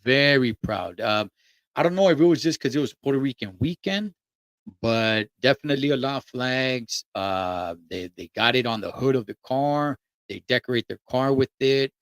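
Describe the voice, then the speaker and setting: A man's voice: mid-range voice, expressive, normal speed, dry recording. Laid-back trucker man. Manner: laid-back and slangy, with lots of fillers. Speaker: trucker vlogger. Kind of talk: casual monologue.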